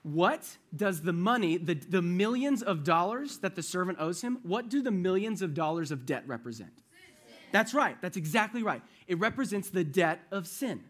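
A man's voice: high-pitched, big pitch swings, normal speed, fairly bright tone. A young man preaching a sermon in a casual, conversational way, addressing his group directly and retelling a parable.

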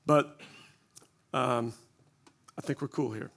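A man's voice: mid-range voice, steady tone, slow pace, vocal fry, fairly bright tone. A man in his forties giving a humorous, self-deprecating testimony talk at a church gathering, telling stories with quoted asides. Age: 40s. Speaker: church speaker. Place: church gathering before an audience.

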